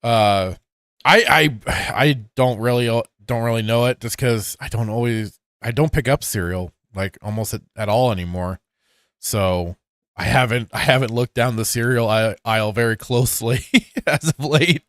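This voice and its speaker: A man in a loose, rambling podcast chat, reading chat comments aloud between laughs. His voice is smooth and clear, in a mid range, recorded close and dry with no room sound. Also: medium pitch, moderate pace, a bit bright, no room sound. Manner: rambling, with frequent restarts and fillers, laughs often. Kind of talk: casual chat.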